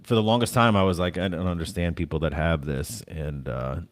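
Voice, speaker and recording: A middle-aged man talking casually, halting with many fillers and restarts. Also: sits low, no room sound. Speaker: stand-up comedian, podcast guest. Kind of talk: casual conversation.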